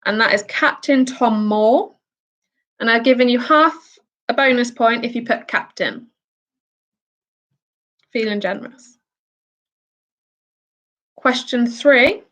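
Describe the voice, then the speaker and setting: A woman's voice: fairly high pitch, a bit bright. A woman from the UK hosting a casual quiz, reading out each question and answer with chatty asides. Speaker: quiz host.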